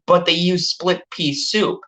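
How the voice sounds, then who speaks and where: A woman's voice: a little slow, crowd noise. A woman hosting a casual movie review chat, ranting and swearing in exasperation. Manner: exasperated, swearing, ranting with animated pitch jumps.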